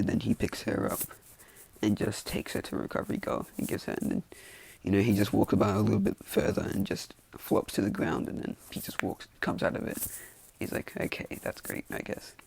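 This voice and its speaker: A young man with a low, gravelly voice rambles through an improvised fan story. He is a little husky, and he drops in fillers and restarts as he goes. His manner is casual and unscripted. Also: a little mellow.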